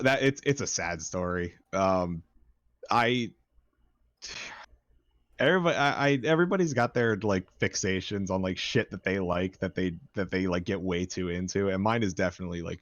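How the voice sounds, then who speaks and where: A man with a lowish, dry voice rambles through a casual stream chat, swearing freely and getting worked up as he talks. The sound is a bit muffled and dull, recorded close with no room around it. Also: no echo. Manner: rambling, profane, excitable. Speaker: band member.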